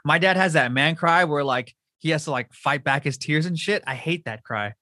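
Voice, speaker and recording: A man's voice: fairly high pitch, normal speed, pushed and bright, dry recording, studio quality. A man hosting a casual chat, slangy and swearing freely, from Southern California. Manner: swears a lot, slangy and loose. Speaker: podcast host. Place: home.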